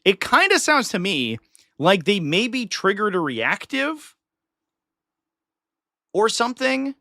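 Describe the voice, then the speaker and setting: A man hosting a casual live stream, his speech swinging up and down with plenty of life. His voice is bright and sits somewhat high for a man, and it sounds close and dry. He comes across chatty and opinionated. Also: big pitch swings, slow, creaky, no echo. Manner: chatty and opinionated, slips into mock voices of others.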